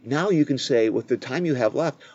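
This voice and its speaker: Guy w/ a warm husky voice talking earnestly about faith, kinda muffled audio. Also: medium pitch, expressive, moderate pace. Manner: earnest, repeats words as he restarts. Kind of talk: conversational teaching on faith. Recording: dull lo-fi audio.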